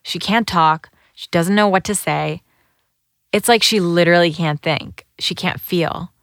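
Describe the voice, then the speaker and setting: A woman's voice: on the low side, measured pace, gravelly, fairly bright tone, no echo. Woman narrating in a dry, close voice. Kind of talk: scripted documentary narration.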